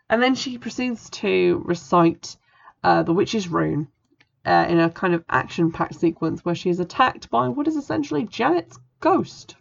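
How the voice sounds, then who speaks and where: A sarcastic woman reviewing a book, swearing casually and reading passages out loud. Her voice sits low with plenty of gravelly fry. It is captured on a dull, lo-fi recording. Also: animated, normal speed, soft background music. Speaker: podcast host reviewing a book.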